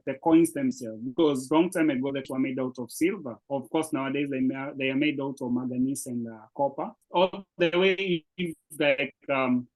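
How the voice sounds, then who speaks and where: A man's voice: mid-range voice, moderate pace, few pauses, rough recording. A man with a Kenyan accent teaching Swahili, explaining words patiently and encouraging his student, with lots of fillers. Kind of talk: patient one-on-one language lesson.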